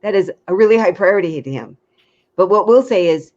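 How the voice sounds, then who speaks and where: A woman dating coach giving frank, lively advice in a casual chat, acting out little quotes. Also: medium pitch, a little fast, highs cut off.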